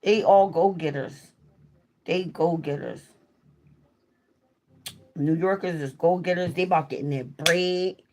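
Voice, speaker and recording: Young South Jersey-accented woman hosting a livestream, unhurried, lowish voice, rambling slangy chat. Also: darkish tone, a little hiss or hum. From South Jersey, USA. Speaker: livestream host.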